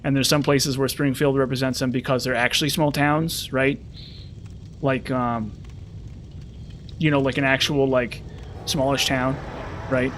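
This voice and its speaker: A man's voice: medium pitch, flat delivery, measured pace, pauses often, a bit bright, slight background noise. A man from the western United States in a rambling casual chat, full of fillers and restarts. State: frazzled. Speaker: streamer.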